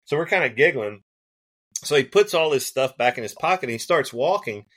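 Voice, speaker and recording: A man, a golf caddie and podcast guest, telling stories in a relaxed, chatty way and acting out the voices of people in his stories. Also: medium pitch, fairly quick. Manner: animated, laughs often, acts out quoted voices. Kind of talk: casual storytelling.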